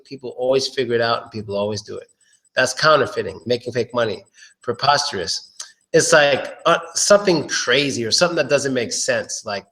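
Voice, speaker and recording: A relaxed man tutors pronunciation on a casual live stream. He says each word slowly, again and again, and drops curse words without fuss. His voice sits at an ordinary middle pitch for a man.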